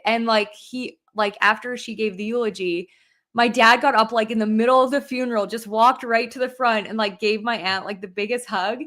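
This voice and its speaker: With a fairly high, slightly bright voice, a young woman co-hosting a podcast tells a story from her own life. It's casual chat, openly emotional and full of "like" fillers.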